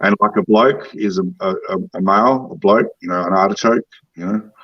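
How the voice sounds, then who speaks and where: A man's voice: lowish voice, a little fast, slight background noise. A man from Western Australia with an Australian accent, chatting casually and joking about slang. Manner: playful, repeats slang. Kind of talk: casual chat. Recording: distant muffled mic.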